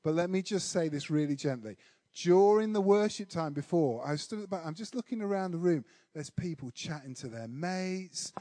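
A man's voice: a little high, expressive, moderate pace, mellow, no echo. A man preaching a sermon, telling a self-deprecating personal story with humour before turning to worship.

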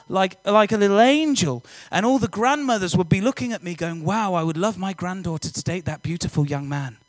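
A young man giving a lively, joking personal testimony talk to students, often quizzing the audience. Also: sits high, dry recording. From England. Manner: energetic, jokey, audience-engaging. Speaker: youth speaker.

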